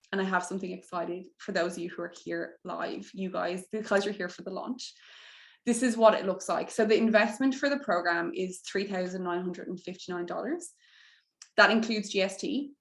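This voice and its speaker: A young adult woman coaching a live online masterclass, pitching her program warmly and getting emotional as she talks. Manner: heartfelt, gets emotional, breaks into tears and laughter. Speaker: mindset coach hosting a masterclass. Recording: echoey room.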